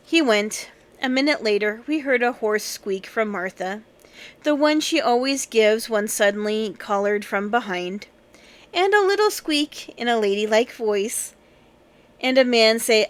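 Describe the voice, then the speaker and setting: A woman reading a classic children's novel aloud in a measured storytelling manner. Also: medium pitch, dry recording. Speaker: audiobook reader.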